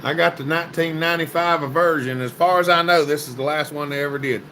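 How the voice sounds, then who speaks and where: A chatty man with a drawl runs a casual livestream, greeting viewers by name. His voice is bright and forceful and sits a little high. A faint hum of background noise runs under it. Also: steady tone, fast, poor audio. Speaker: livestream host. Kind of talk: casual livestream chat reading comments.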